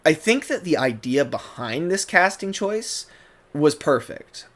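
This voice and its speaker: A man's voice: a little high, sing-song, fairly bright tone. Rambling man reviewing voice casting. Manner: rambling, heavy on fillers, slips into quick character impressions. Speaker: online video maker reviewing a cartoon dub. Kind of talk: casual spoken commentary.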